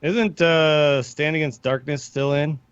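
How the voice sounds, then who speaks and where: A man's voice: a little high, steady tone, a little slow, lo-fi sound, a little hiss or hum. A man co-hosting a podcast, chatting casually and pragmatically, often acting out quotes. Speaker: podcast co-host. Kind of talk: casual chat.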